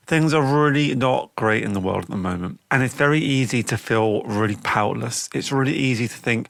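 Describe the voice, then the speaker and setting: A man's voice: medium pitch, moderate pace, vocal fry, few pauses, a bit bright, no echo, clean studio sound. A man hosting a podcast, talking in a reflective, chatty way with frequent restarts. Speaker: podcast host. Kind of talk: casual spoken monologue.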